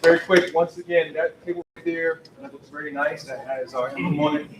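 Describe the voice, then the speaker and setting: A man making brisk announcements as emcee of a community forum. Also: a little high, steady tone. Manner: brisk, organizing, thanks the audience. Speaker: meeting emcee. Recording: echoey room, far from mic, audible noise.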